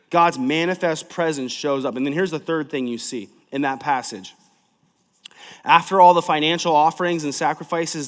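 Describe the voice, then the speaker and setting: A man preaching a sermon as pastor of a large church, emphatic and energetic, swinging from loud to soft. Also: fairly high pitch, long reverb tail.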